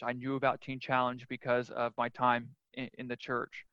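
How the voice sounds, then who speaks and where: A man's voice: medium pitch, monotone, moderate pace, hardly any pauses, pushed and bright, clean tone, dry recording. A man speaking as a podcast guest, telling his own story in a frank, earnest, confessional way. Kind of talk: casual interview storytelling. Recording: dull lo-fi dry sound.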